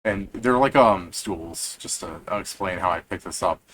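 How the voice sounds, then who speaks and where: A man's voice: low voice, moderate pace, fairly bright tone, a little hiss or hum, low-quality recording. A young man in casual post-game chat, telling rambling stories full of restarts. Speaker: tabletop game player.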